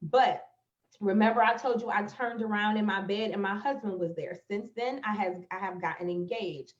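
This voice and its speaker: A woman's voice: mid-range voice, normal speed. A woman speaks to her viewers on a live stream, telling a personal story with open emotion and calling them "y'all" as she goes. Her voice sits in the middle of the female range. The sound is roomy, with a lot of echo, and slightly muffled, as from a phone or webcam stream. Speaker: motivational speaker. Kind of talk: livestream talk on manifestation. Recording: echoey, slightly dull live-stream audio.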